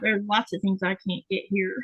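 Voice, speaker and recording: A woman's voice: medium pitch, flat delivery, normal speed, fairly bright tone, muffled recording, slight background noise. A woman hosting a casual chat from her home sewing desk, talking in a rambling way with restarts and laughs. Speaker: host.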